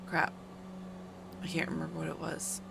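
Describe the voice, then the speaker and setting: Woman streamer, groggy and hoarse-cracking, heavy vocal fry, chatty and self-mocking, noisy background. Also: deep voice, monotone, normal speed. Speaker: live streamer. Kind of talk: casual chat to stream viewers.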